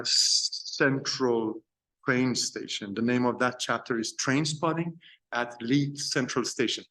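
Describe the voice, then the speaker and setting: A man gives an informal film lecture to a university class at an ordinary middle pitch with a slightly bright tone. He pauses often, searching for words between points.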